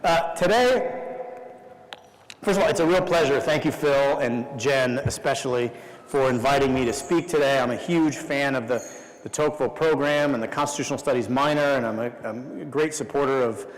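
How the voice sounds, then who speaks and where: A man giving an academic lecture at a university, speaking haltingly with many fillers and restarts into a lapel mic. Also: mid-range voice, in a large hall, slight background noise, poor audio. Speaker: guest lecturer.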